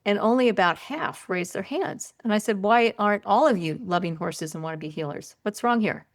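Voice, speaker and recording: An older woman, a podcast guest, telling stories in a lively, conversational way and often raising her voice when she quotes herself. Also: medium pitch, normal speed. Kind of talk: conversational storytelling.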